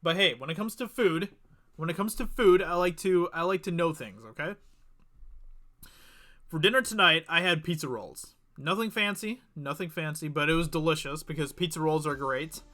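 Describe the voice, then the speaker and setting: A man's voice: fairly high pitch, normal speed, pushed and bright. Giggly man chatting on a livestream. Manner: chatty, giggly, reads chat aloud. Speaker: livestream host. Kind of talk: casual livestream chat.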